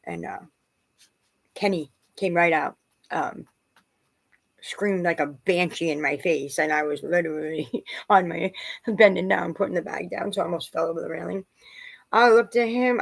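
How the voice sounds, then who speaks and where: Gravelly, husky woman telling a heated story. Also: lowish voice, low-quality recording. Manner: rambling and agitated, quoting others. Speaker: mother. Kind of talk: emotional personal storytelling.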